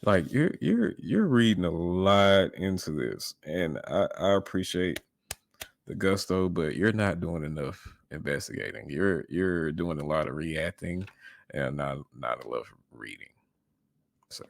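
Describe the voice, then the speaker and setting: A man hosting a reaction video, answering another creator in a casual, measured way and repeating words as he presses his points. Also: sits low, expressive, creaky, no echo.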